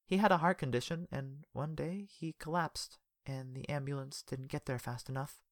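A woman's voice: deep voice, moderate pace, dry recording, studio quality, pitched above the performer's own voice. A woman voicing a talkative, sympathetic woman who is an old friend. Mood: gentle. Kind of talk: audiobook character voice.

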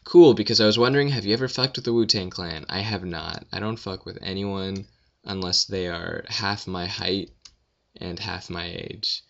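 A young man rambling through listener questions in a casual audio Q&A, with deadpan self-deprecating jokes. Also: low voice, normal speed, vocal fry, dull audio. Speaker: vlogger answering questions.

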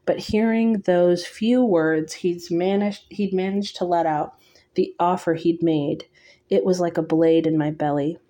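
A woman reading a novel aloud in first person, measured and slightly halting. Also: on the low side, steady tone, dark tone. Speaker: audiobook reader.

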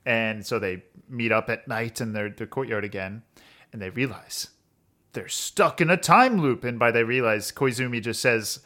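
A male podcast co-host rambling through a long summary, stacking up "uh"s and "like"s and breaking into laughs. His voice is bright and forceful, at an average pitch for a man. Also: moderate pace. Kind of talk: casual podcast chat.

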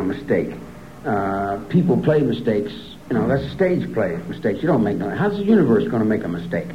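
A man answering an interviewer in a rambling, repetitive way, his voice climbing high and heated as he argues. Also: roomy sound, a little hiss or hum. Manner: rambling, repeats himself, climbs to a high agitated pitch. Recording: dull lo-fi archive recording.

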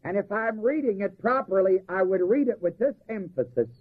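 Husky high-voiced preacher on a tinny recording. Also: male voice. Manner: asks the congregation to fill in words, slows to stress key phrases. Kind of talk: sermon.

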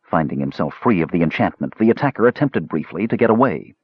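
A man reading a fantasy audiobook in scripted, measured and dramatic narration. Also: deep voice, animated, husky, no room sound, lo-fi sound.

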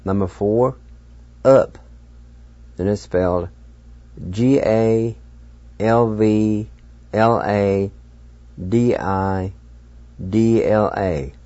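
A man hosting a radio language lesson, patiently spelling out words letter by letter and pronouncing each one slowly. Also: fairly low pitch, steady tone, mellow, dry recording, dull audio. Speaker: radio language teacher and host.

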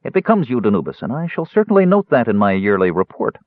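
A man voicing a smooth, mild-mannered elven high priest who is quietly menacing, on a tinny, dry recording. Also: big pitch swings, quick pace, no room sound.

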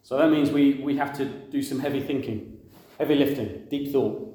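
A man's voice: mid-range voice, fairly even intonation, normal speed, mellow. Conversational man preaching, echoey room. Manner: conversational, asks the audience questions, acts out quoted voices. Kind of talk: sermon.

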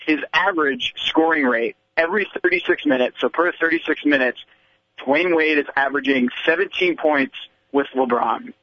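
A man's voice: a little high, normal speed. A man appearing as a guest analyst on sports radio, explaining statistics with small stumbles. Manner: explanatory, number-focused, slight stumbles. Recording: dull, band-limited phone-in audio.

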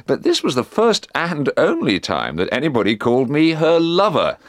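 A man's voice: a little high, wildly swooping pitch, normal speed, dry recording, studio quality. A man on a panel telling an amused anecdote, chatty, with hesitant fillers. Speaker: panel member.

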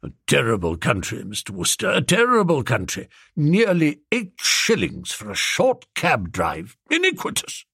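A man's voice: on the high side, huge pitch swings, normal speed, gravelly, hardly any pauses, pushed and bright, husky, dry recording, studio quality, exaggerated voice. A man voicing a grumbling, stingy old English duke who complains about prices. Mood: aghast.

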